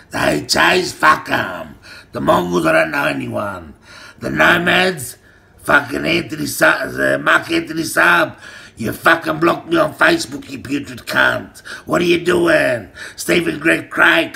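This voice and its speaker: A man in an angry, rambling monologue, shouting names and threats and swearing constantly. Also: a little high, gravelly. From Australia. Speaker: self-styled gang boss ranting to camera.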